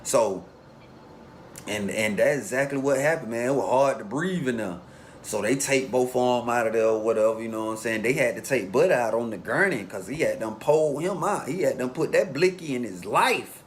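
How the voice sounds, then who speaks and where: A man casually telling a long story in a relaxed street way, acting out the voices of the people in it. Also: medium pitch, moderate pace, slight background noise. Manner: laid-back street storytelling, acts out quotes.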